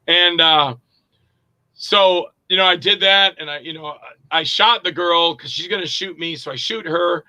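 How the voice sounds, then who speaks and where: A man's voice: fairly high pitch, moderate pace, no echo, rough recording. A middle-aged man, an actor and director, casually telling stories in an interview and acting out quoted dialogue with plenty of fillers. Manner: animated, acts out quoted dialogue, frequent fillers.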